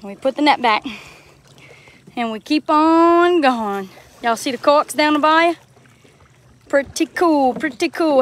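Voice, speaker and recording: A young Southern woman from Louisiana speaks in a high voice, slowly and with frequent pauses. She's a vlogger and crawfisher live-streaming outdoors, chatting with and greeting her viewers while she works on a boat on a bayou, holding her phone as she goes.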